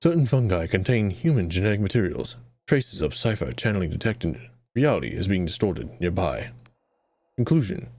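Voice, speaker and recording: A man's voice: deep voice, pitched below the performer's own voice, full character voice. A man voicing a failing city computer. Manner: flat, clipped report readout. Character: failing ancient city computer, cold and clipped.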